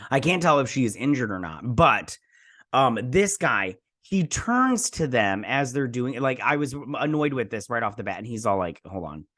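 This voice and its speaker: A man's voice: mid-range voice, sing-song, moderate pace, fairly bright tone. A man hosting a casual episode review, chatty and rambling, full of fillers and blunt opinions. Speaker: host.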